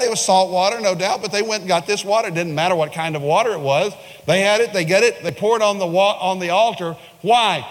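A man preaching a sermon, telling a Bible story with lively, dramatic delivery. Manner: animated storytelling, jumps high when acting out scenes. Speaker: pastor. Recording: reverberant hall.

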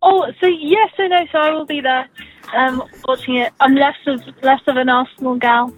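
A woman's voice: sits high, fairly even intonation, moderate pace, soft background music, poor audio. A woman chatting as a guest on a radio show, cheerful and earnest. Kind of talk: casual radio chat.

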